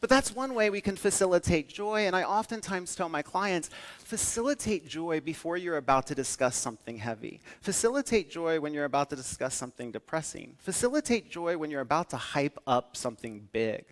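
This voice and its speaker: A man giving a keynote talk, telling stories with lively acted-out quotes. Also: on the high side, fairly quick. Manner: animated storytelling with acted-out quotes. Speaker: public speaker.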